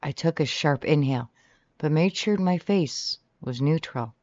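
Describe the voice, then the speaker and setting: Animated first-person audiobook narrator, dry read. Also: medium pitch, a little slow, no echo. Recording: slightly dull, dry recording.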